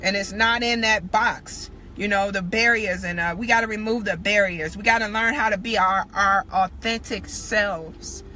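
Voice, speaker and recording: A woman's voice: medium pitch, fairly even intonation, moderate pace, few pauses, sharp tone, slight background noise. A woman giving a candid spiritual testimony on a live stream, preaching in a casual way and swearing freely. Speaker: spiritual teacher.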